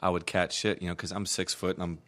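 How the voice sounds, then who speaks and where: Male guest from Louisiana, low voice, easygoing rambling storyteller. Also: little pitch movement, fast talker, a bit bright. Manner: laid-back storytelling, many "you know"s. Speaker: guest musician. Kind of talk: casual podcast chat.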